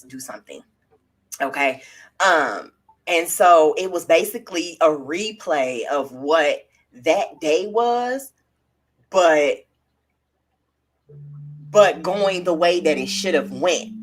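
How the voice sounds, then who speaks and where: A woman's voice: sits low, fairly bright tone. A young woman hosting a tarot livestream, talking candidly and emotionally in a rambling way and reading out viewer comments.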